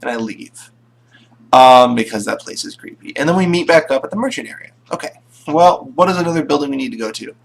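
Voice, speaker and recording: Gravelly man rambling through a game recap. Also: mid-range voice, animated, brisk. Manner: rambling, full of fillers and restarts. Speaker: tabletop game player recapping sessions. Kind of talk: casual recap.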